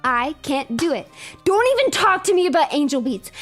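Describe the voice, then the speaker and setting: A young adult woman streamer chatting casually with her viewers, telling a story in an animated, emphatic way with lots of repetition. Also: sits high, brisk, faint music behind.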